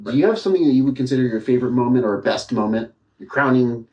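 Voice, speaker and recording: A man's voice: mid-range voice, fast, recorded from a distance, dull audio. Podcast host man in a roomy room. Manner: friendly interviewer, short encouraging replies. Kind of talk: casual interview chat. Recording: roomy echo.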